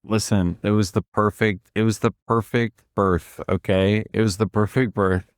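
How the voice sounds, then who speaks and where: A man's voice: on the low side, steady tone, moderate pace, dry recording, studio quality. A man co-hosting a podcast, laughing easily and swearing casually in banter. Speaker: podcast co-host.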